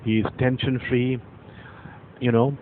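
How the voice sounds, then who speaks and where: A man gives a patient literature lesson, repeating key points and reading verse slowly to stress each syllable. His middle-range voice comes through narrow, phone-like audio. Faint traffic sounds hum underneath. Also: mid-range voice, level tone. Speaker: English literature teacher. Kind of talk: explanatory lecture.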